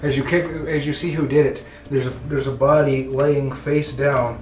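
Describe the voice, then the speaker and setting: A man's voice: medium pitch, steady tone, moderate pace, hardly any pauses, darkish tone, echoey room, soft background music. A man running a tabletop game as game master, narrating loosely with frequent laughs. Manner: loose, laughing, voices characters in bursts.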